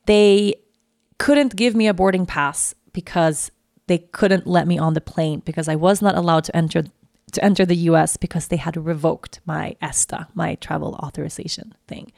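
A young adult woman hosting a podcast, telling a personal story in a chatty, animated way full of "like". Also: fairly low pitch, moderate pace, vocal fry, dry recording, clean studio sound. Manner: chatty, animated, heavy use of "like". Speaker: podcast host. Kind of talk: casual storytelling monologue.

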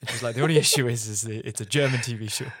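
A man's voice: mid-range voice, rapid-fire, husky, dry recording, clean studio sound. A young man, co-hosting a casual chat and acting out the voices of people in his stories. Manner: animated storyteller, acts out quoted voices. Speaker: podcast co-host.

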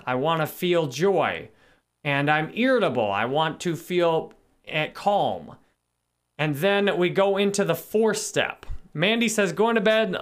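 Brief: man in his thirties, live stream host, reflective self-help talk, voice a touch high. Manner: calm, reflective, greets viewers by name between points.

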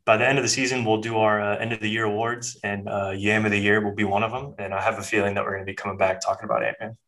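A man's voice: on the low side, level tone, very fast, fairly bright tone, poor audio. Laid-back guy chatting sports. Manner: laid-back, loose and profane. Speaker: podcast co-host. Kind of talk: casual sports chat.

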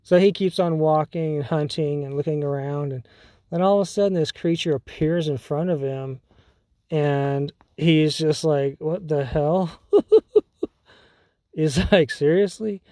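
This podcast host is a man with a slightly high, mellow voice and an unhurried pace. He rambles through a story casually, full of fillers and restarts, laughing often. The recording is dry and studio quality.

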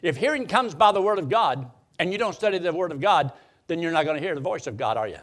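A man's voice: on the high side, expressive, quick pace, fairly bright tone. A man preaching a sermon, quoting scripture in old-style wording and repeating phrases for emphasis.

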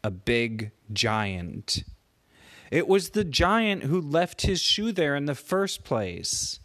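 A man improvising a bedtime story for a child, animated and stopping to ask the child questions. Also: fairly high pitch, slow. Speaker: parent telling a bedtime story.

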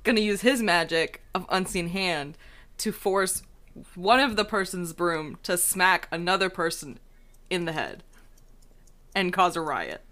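A woman's voice: on the low side, a little slow, pushed and bright. A woman playing a tabletop role-playing game, laughing and eager. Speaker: player. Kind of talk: casual tabletop play.

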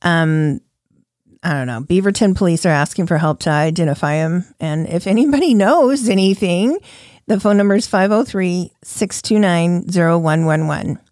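A woman's voice: on the low side, normal speed, darkish tone, no echo, studio quality. A woman hosting a casual podcast, retelling odd news stories with swearing, laughter and acted-out quotes. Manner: laughing, profane, acts out quotes. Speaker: podcast host. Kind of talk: casual storytelling chat.

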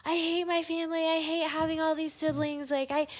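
A woman's voice: very high-pitched, level tone, fairly quick, faint music behind, voice pushed up. A woman voicing an upset young boy throwing a tantrum, wailing and whiny.

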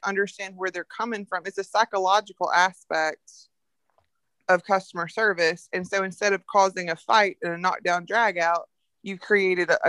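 A woman with a Southern American accent, a coffee entrepreneur talking frankly and telling animated stories as a podcast guest. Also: lowish voice, dry recording, clean studio sound. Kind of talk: casual podcast conversation.

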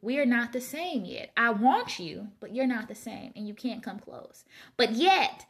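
A woman's voice: fairly high pitch, lively intonation, measured pace, a bit bright. A woman reading Bible passages aloud and reflecting on them in a casual, conversational way. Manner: conversational, reads scripture aloud then muses informally. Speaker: Bible study vlogger.

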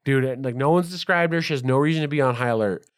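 A man co-hosting a podcast, reading notes aloud and riffing in casual, profane, excitable chat. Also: mid-range voice, quick pace. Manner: swearing, excitable, ramps up when telling stories. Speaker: podcast co-host.

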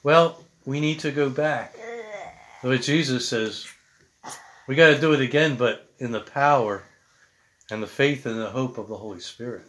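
A male pastor reads scripture and then preaches plainly and earnestly. His voice sits at an ordinary middle pitch. He talks to the congregation as if in conversation. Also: normal speed, pauses often, a bit bright. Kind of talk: sermon.

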